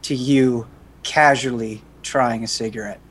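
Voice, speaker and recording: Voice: medium pitch, fairly even intonation, slightly rough. A player voicing a stern older brother who hunts monsters, lecturing solemnly in an improvised tabletop role-play. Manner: solemn, overly earnest lectures, pausing for effect.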